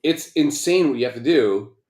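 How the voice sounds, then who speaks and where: A man's voice: mid-range voice, lively intonation, moderate pace, a little mellow, roomy sound. A man co-hosting a podcast, rambling and joking with plenty of swearing. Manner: rambling, profane, jokey. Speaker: podcast co-host. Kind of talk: casual chat.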